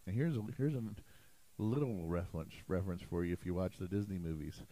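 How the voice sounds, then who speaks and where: Emphatic, animated preaching man. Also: deep voice, a little fast, dry recording, low-quality recording. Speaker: pastor. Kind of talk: sermon. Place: church sanctuary.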